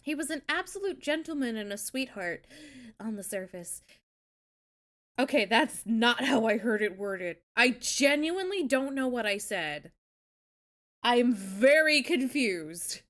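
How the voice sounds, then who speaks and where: A woman's voice: on the high side, animated, unhurried. A young woman hosting a live stream, chatting casually and swearing freely as she reacts to stories. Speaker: streamer host.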